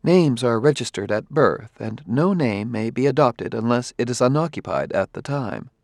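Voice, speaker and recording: A man voicing a calm, formal male partner who speaks gently and precisely. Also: medium pitch, moderate pace, creaky, no room sound, clean studio sound.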